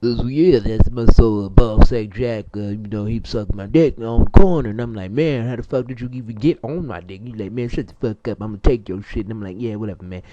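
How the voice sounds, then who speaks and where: A man's voice: on the low side, fairly quick, few pauses, dark tone, lightly acted. A young man playing a crude, boastful, foul-mouthed character, rambling and stumbling through an improvised comedy monologue. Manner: rambling, profane and stumbling, with many fillers. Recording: muffled lo-fi amateur recording.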